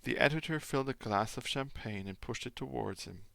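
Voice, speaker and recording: A man's voice: mid-range voice, a little fast, gravelly, fairly bright tone, dry recording. A man whose first language is German, a father reading a classic novel aloud expressively, with occasional small slips.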